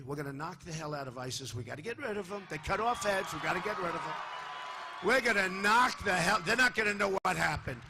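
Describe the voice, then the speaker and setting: An older man giving a boastful, repetitive campaign rally speech in a large hall, dropping to low asides and rising to shouts. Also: a little hiss or hum. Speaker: political candidate speaking at a rally. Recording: live hall recording with faint crowd ambience.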